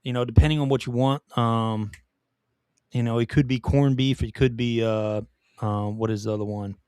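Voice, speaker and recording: A man's voice: mid-range voice, steady tone, moderate pace, darkish tone, clean tone, no echo, studio quality. A man co-hosting a podcast, ranting in casual chat with swearing and restarts. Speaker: podcast co-host.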